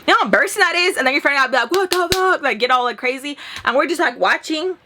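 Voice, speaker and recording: A young woman in her twenties telling a long, animated storytime, acting out the dialogue and swearing freely. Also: sits high, very fast, background noise. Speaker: storytelling vlogger. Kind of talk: casual storytime.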